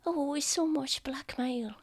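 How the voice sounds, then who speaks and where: A woman voicing a curious, sneaky little girl in whispered role-play, speaking in a soft hushed whisper. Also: sits high, unhurried, pitched above the performer's own voice. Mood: eager whisper.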